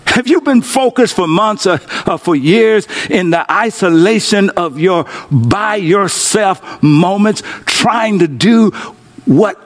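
Preaching to a congregation gathered online, this male pastor invites their responses, alternating between lofty outbursts and quiet, close-up moments. He is expressive and takes his time.

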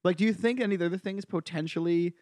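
A man hosting a casual podcast panel, talking in an animated way with quick asides and restarts. His voice sits fairly high. The sound is dry and close, with no room around it. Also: dry recording. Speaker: podcast host.

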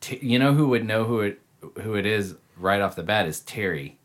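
A man's voice: lowish voice, expressive, normal speed. A man in casual chat among friends, mumbling and trailing off, laughing at himself.

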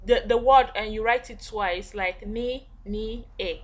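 A woman with an Igbo accent guides a language lesson in a slightly high voice. She explains patiently, stopping and restarting her sentences with little fillers as she thinks. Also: measured pace, background noise. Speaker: guest teacher.

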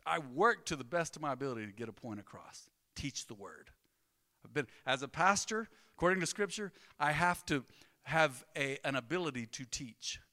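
A man, a pastor preaching a sermon in a conversational, joking way with animated storytelling. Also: medium pitch, normal speed, in a large hall.

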